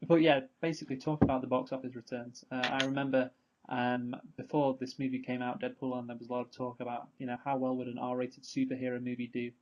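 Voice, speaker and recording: A man's voice: medium pitch, little pitch movement, fast talker, darkish tone, slight background noise. Male podcast co-host, mid-range voice, teasing and matter-of-fact, dull recording. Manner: teasing, reveals answers plainly. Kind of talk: casual podcast chat.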